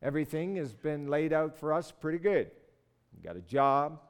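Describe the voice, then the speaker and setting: A man's voice: fairly high pitch, very animated, moderate pace, clean tone, long reverb tail. An older man from Newfoundland preaching a sermon, telling the Bible story in an earnest, storytelling way and voicing its figures with rising force.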